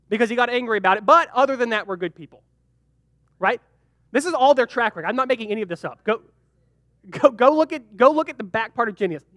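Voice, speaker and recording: High, lively young man teaching youth. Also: dry recording. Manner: animated and joking, acts out quick character voices. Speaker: youth pastor. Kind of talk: youth group Bible teaching.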